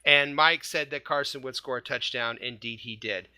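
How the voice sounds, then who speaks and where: A man's voice: medium pitch, normal speed, bright, forceful tone, smooth, no echo. A man hosting a casual sports fan show, calling on each panelist by name and laughing often. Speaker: podcast host.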